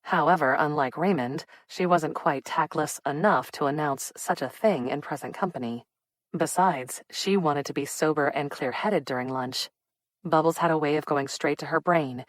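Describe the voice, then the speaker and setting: A woman narrating an audiobook in a measured storytelling manner. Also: deep voice, no echo. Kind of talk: scripted narration.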